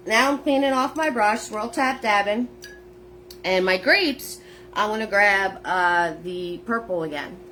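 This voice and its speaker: A woman with a mid-range voice, pushed and bright but unhurried, teaches painting live over a phone with a little hiss or hum. She chats as she narrates each step and greets viewers by name.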